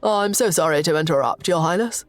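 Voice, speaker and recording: A woman's voice: lowish voice, brisk, soft background music, lightly acted. A woman voicing a courteous male palace butler who speaks formally and apologetically. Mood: worried.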